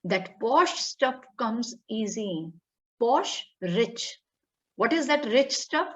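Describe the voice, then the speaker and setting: A woman's voice: on the high side, sing-song, slow. A woman, teaching a class online, repeating her points and checking in with students. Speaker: English teacher. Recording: dull lo-fi audio.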